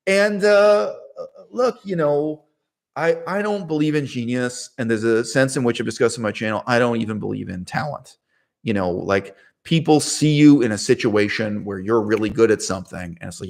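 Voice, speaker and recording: Speaking at a moderate pace with vocal fry, this mid-range male voice belongs to a channel host. He meanders through a personal story, digressing, self-correcting, and chuckling at himself along the way.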